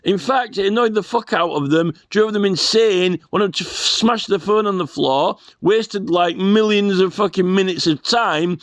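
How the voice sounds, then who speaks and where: A man's voice: high-pitched, a little slow, hardly any pauses, no room sound, clean studio sound. A man putting on a boastful, swearing tech billionaire who brags and rambles. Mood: gloating.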